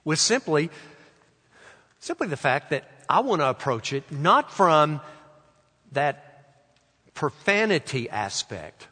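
A man preaching a sermon in a slow, deliberate way, stretching out quoted phrases and letting them fall soft. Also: fairly high pitch, very animated, breathy edge. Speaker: pastor. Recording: long hall reverb.

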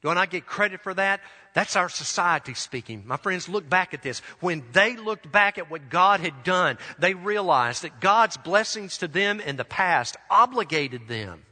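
A pastor delivers an earnest sermon in a bright, forceful voice that sits a little high. He slows down to drive a point home. A long reverb trails his words around a church sanctuary. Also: expressive. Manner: earnest preaching, slows for emphasis.

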